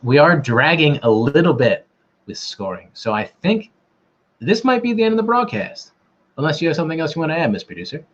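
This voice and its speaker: A man hosting a trivia night over a livestream, rambling and poking fun at himself between answers. His pitch swings up and down a lot. The audio is dull and lo-fi. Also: big pitch swings, fairly quick, fairly bright tone. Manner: joking, rambling, self-deprecating. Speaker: quiz host. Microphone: camera mic.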